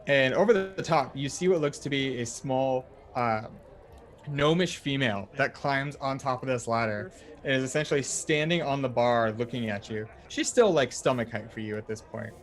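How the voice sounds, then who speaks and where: A man as dungeon master, narrating a tabletop game in a relaxed, rambling way full of fillers. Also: medium pitch, moderate pace. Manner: relaxed, filler-heavy storytelling.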